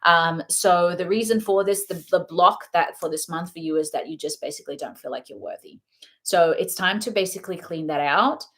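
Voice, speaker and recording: Woman, young adult, lowish voice, casual rambling card reader, chatty with frequent laughs. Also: brisk, a bit bright. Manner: chatty, rambling, laughs often between thoughts. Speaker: tarot reader. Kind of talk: casual spoken oracle card reading.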